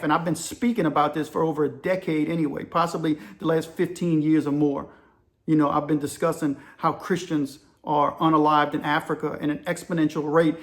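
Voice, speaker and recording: Man ranting to viewers. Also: a little high. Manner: conversational, persuasive, addresses viewers as y'all. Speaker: channel host. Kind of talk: casual opinion monologue to camera.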